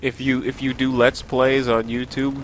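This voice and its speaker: A man's voice: medium pitch, little pitch movement, moderate pace, slight background noise. A young man casually commenting over his own gameplay, rambling and joking at himself with frequent laughs. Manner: rambling, self-mocking, laughs often. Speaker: Let's Play host.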